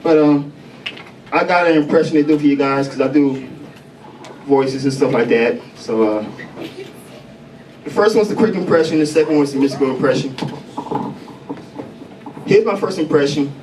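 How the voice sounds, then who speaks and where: A man from Chicago doing stand-up comedy in a coffee house, loose and profane with deadpan punchlines. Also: a little high, normal speed, pauses often. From Chicago, USA. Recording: distant mic, noisy café room.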